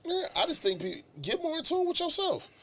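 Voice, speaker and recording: A man's voice: extremely high pitch, sing-song, a little fast, a bit bright. A man co-hosting a podcast, riffing loosely in casual chat with profane slang. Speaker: podcast co-host.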